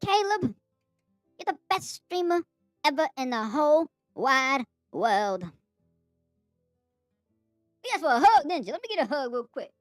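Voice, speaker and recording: Male streamer voicing a sugary female fan, bright and lilting, with a faint music bed. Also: very high voice, very animated, unhurried, pauses often, dry recording, studio quality, voice pushed up, full character voice. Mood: gushing.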